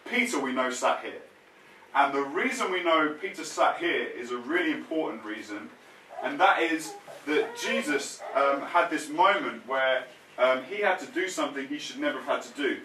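A man preaching a sermon, telling the story in a lively way with casual slang. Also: mid-range voice, recorded from a distance, slight background noise. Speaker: pastor. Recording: roomy sound, mic set back from speaker.

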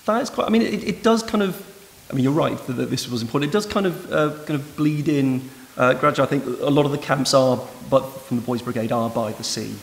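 A man giving an academic lecture in a measured, thoughtful way, recorded in a lecture room. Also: medium pitch, gravelly. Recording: noisy hiss in a reverberant hall.

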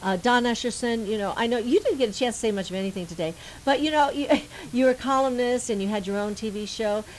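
A woman's voice: on the high side, fast talker, hardly any pauses, low-quality recording. A woman hosting a radio talk show, chatting casually and laughing often. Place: radio studio. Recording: faint hiss.

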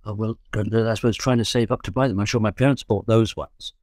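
A man's voice: lowish voice, steady tone, fairly quick, darkish tone, no echo, studio quality. A man in his seventies from London, a guest musician recalling his youth in rambling, self-correcting, joking talk. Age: 70s. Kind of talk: relaxed storytelling.

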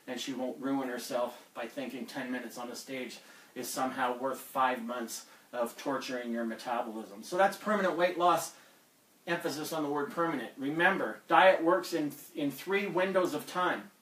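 A man's voice: a little high, a bit bright, echoey room, distant mic, low-quality recording. A man coaching fitness on a live stream, blunt and lecturing as he talks through diet advice.

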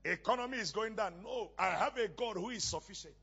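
A male pastor preaching a sermon, asking questions and having the congregation call back the missing words, often rising to shouts. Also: sits high, animated, brisk, vocal fry, slightly rough, lo-fi sound.

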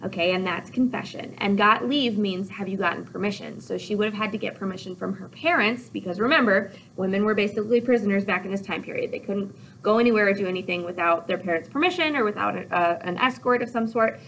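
A woman teacher giving a casual, chatty video lesson, animated, with lots of "like" and "okay?". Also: medium pitch, quick pace, slight background noise, poor audio.

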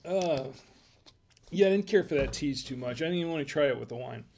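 A man's voice: a little high, animated, fairly quick, vocal fry, darkish tone, a little hiss or hum. A man hosting a casual wine tasting livestream, musing aloud in a hesitant, chatty way. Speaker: wine review show host.

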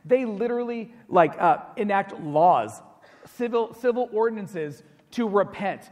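A man preaching a sermon as pastor, animated and conversational, acting out quoted voices. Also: fairly high pitch, moderate pace. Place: church sanctuary. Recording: long church hall reverb.

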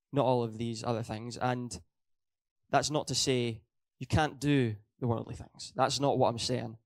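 A man's voice: medium pitch, fairly even intonation, unhurried, no room sound. Young guy giving a sermon, dry close sound, keeps repeating points, fixes his own slips. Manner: earnest, repeats points for emphasis, slips and self-corrections. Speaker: preacher. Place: church hall.

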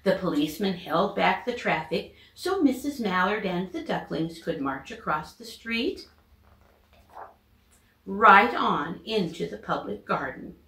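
A woman teacher reading a children's storybook aloud with expressive, lively character voices. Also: mid-range voice, measured pace, reverberant.

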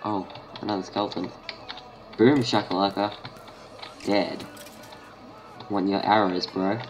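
A man's voice: low-pitched, flat delivery, measured pace, a little hiss or hum. A man with an Australian accent giving casual gameplay commentary, thinking aloud and muttering half-finished sentences to himself. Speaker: gaming channel host.

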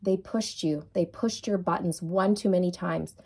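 Warm, mellow-voiced woman reading tarot. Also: lowish voice, moderate pace, breathy edge. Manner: soothing, affirming, repetitive. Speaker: tarot reader. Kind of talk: tarot card reading to viewers.

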